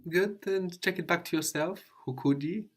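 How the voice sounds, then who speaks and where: A man's voice: high voice, normal speed. A man teaching a language lesson, patiently explaining step by step and asking his student questions.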